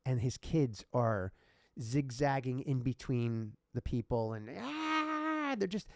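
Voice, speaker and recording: A man's voice: mid-range voice, measured pace, dark tone, no room sound, studio quality. A man co-hosting a podcast who tells a personal story in an earnest, rambling way, with many restarts and asides. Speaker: podcast co-host.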